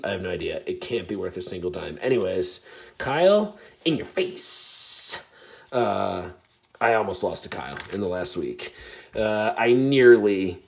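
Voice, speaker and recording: A man casually chatting to his viewers while opening trading card packs, chatty and self-deprecating, with bursts of excitement. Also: lowish voice, creaky. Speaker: card pack opening vlogger. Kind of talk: casual pack-opening commentary.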